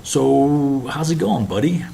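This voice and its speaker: Guy doing a bitter young navy officer, snappy and fake-friendly, low-key read. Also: lively intonation, slow pace, vocal fry, mellow, slight background noise. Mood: falsely friendly. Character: bitter scheming young male naval officer.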